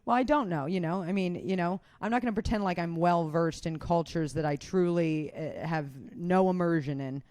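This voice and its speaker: A woman's voice: on the low side, moderate pace, hardly any pauses, a little mellow, no echo. A woman co-hosting a podcast, chatting casually and candidly, swearing freely and poking fun at herself. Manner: chatty, swearing, self-deprecating. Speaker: podcast co-host; comedian. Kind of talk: casual chat. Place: indoors.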